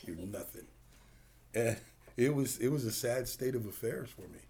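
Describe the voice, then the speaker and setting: A man's voice: medium pitch, normal speed, mellow. A man preaching a conversational sermon, plain-spoken and full of rhetorical questions. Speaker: pastor.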